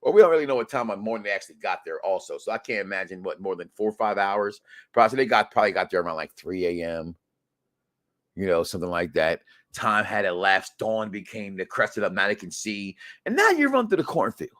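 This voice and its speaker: A man co-hosting a live review stream, joking in animated, loud-and-soft bursts. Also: fairly low pitch, quick pace. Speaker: co-host of a reality show review.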